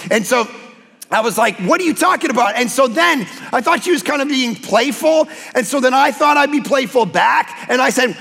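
A man preaching a sermon as pastor, telling lively personal stories and acting out quotes. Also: very high voice, a little fast, vocal fry, long reverb tail. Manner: animated storytelling with acted-out quotes.

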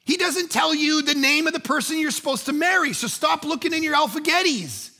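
A man preaching a sermon, telling a story that he acts out with energy and sometimes shouts. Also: very high voice, fairly quick, gravelly. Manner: lively storyteller who acts out scenes, rising to shouts. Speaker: pastor.

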